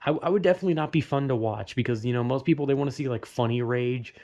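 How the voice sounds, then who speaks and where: A man rants to camera about a video game, swearing constantly. His voice sits at an ordinary pitch and keeps jumping up into loud, exasperated outbursts. He sounds worn down, as if nursing a headache. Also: fast talker. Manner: angry, swearing rant with sudden loud outbursts. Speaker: gaming vlogger. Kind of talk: ranting vlog monologue.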